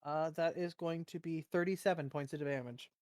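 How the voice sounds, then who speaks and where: Low-voiced matter-of-fact woman player. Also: fairly even intonation, normal speed, darkish tone. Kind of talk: casual tabletop play.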